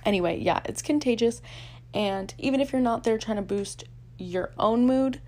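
Chatty young woman with gravelly fry. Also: fairly high pitch, normal speed, a little mellow. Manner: chatty, self-deprecating, many fillers like "like" and "literally". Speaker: podcast host. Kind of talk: casual solo podcast talk.

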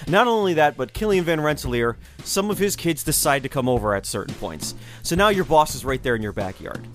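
A man's voice: fairly high pitch, lively intonation, brisk, soft background music. Casual man telling history. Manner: conversational, speculative asides and restarts. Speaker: history podcast host.

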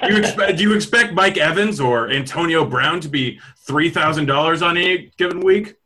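Bright-voiced man teasing on a podcast. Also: on the high side, moderate pace. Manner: teasing, lecturing. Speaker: podcast co-host. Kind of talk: casual podcast chat.

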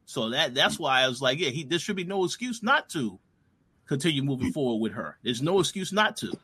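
Man, sharp bright tone, a bit raspy, agreeable co-host, stumbles over restarts. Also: medium pitch, sing-song, fairly quick. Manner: agreeable, repeats words as he restarts. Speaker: podcast co-host. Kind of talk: casual TV recap discussion.

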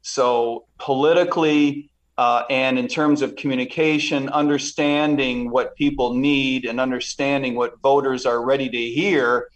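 A man's voice: mid-range voice, rough recording. A man appearing as a podcast guest, speaking earnestly and steadily about politics. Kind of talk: casual interview talk.

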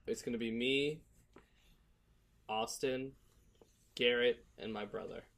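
A man's voice: medium pitch, steady tone, slow pace, creaky, a bit bright. A man co-hosting a podcast in casual chat, teasing and laughing often. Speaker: podcast co-host.

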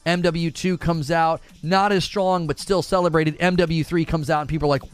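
A man's voice: on the high side, steady tone, normal speed, hardly any pauses, clear, resonant tone, faint music behind. Emphatic, fired-up man ranting. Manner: emphatic, heated, repeats words, mocking quoted voices. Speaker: gaming commentator. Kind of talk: opinionated casual commentary.

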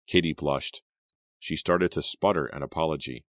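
A man narrating an audiobook in measured scripted narration, close to the mic. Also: extremely low pitch, steady tone, a bit bright, dry recording.

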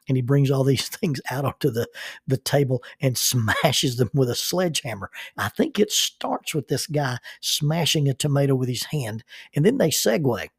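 Older minister host, gravelly and husky voice, unhurried storyteller. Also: male voice, medium pitch, dry recording, clean studio sound. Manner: unhurried, chuckles while recalling. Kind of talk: reflective personal storytelling.

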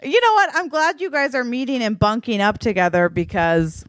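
A woman's voice: a little high, normal speed, no echo, clean studio sound. A woman co-hosting a podcast, joining an improvised comic story with playful, mock-serious interjections. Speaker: podcast co-host.

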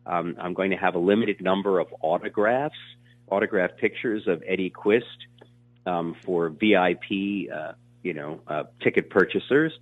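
A man in his sixties telling stories in an interview, rambling and animated, with many fillers and restarts. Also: low voice, normal speed, no room sound. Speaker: actor being interviewed. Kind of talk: casual storytelling interview. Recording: tinny phone line.

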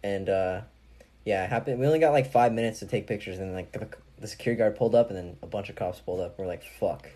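A man's voice: lowish voice, fast talker, dark tone. A young man from Southern California hosting a live chat with callers, talking in a laid-back, crude, slangy way full of "like" and "dude". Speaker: livestream host answering callers.

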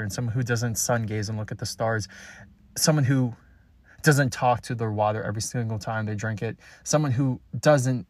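Low-voiced man, frustrated confessional monologue. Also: dry recording. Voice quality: frustrated, halting and blunt. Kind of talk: confessional spoken message.

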